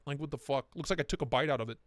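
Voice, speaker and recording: A young man with a fairly high voice talks very fast while hosting a casual livestream. He chats loosely with viewers, swears freely, and reads their comments aloud.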